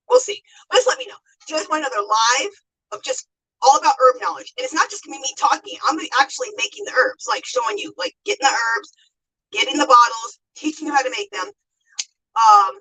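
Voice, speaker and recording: A woman's voice: high-pitched, sharp tone, husky, recorded from a distance, low-quality recording. A middle-aged American woman hosting a casual livestream, chatting and laughing as she reads viewer comments aloud. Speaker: livestream host.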